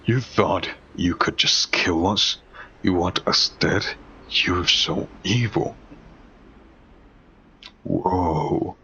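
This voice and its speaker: Man putting on a spider mother voice, vengeful, slow hissing whisper, low and bright, muffled lo-fi audio. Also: gravelly, full character voice. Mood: venomous rage.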